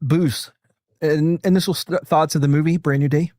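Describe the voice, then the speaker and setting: A man's voice: a little high, fairly even intonation, normal speed, darkish tone, no room sound, studio quality. A man streaming, chatting casually and rambling with jokes while reacting to a video with friends. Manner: rambling, joking, chuckles often. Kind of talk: casual chat.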